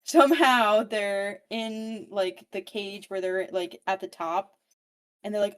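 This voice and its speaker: A woman's voice: mid-range voice, fairly even intonation, takes it slowly, clear, resonant tone. A woman recaps a novel in a loose, chatty way, full of "like" and casual swearing. Her voice sits in a plain mid range. She keeps it informal and conversational, as if talking to friends on a podcast. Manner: chatty, swears freely, constant "like". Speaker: book podcast host or guest.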